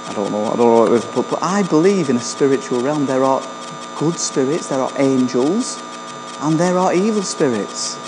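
A man's voice: mid-range voice, lively intonation, normal speed, in a large hall, noisy background. A man preaching a sermon in a conversational way, often asking the congregation questions.

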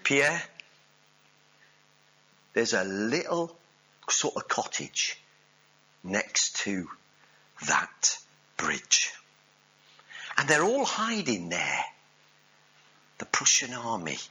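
A preacher putting on a French army general. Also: male voice, mid-range voice, wildly swooping pitch, extremely slow, pauses often, pushed and bright, husky, lo-fi sound, exaggerated voice. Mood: conspiratorial.

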